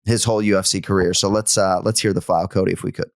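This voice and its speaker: A man's voice: deep voice, flat delivery, fast, gravelly, no echo, clean studio sound. Man in profane podcast banter. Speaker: podcast co-host. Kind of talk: casual sports podcast chat and read ad.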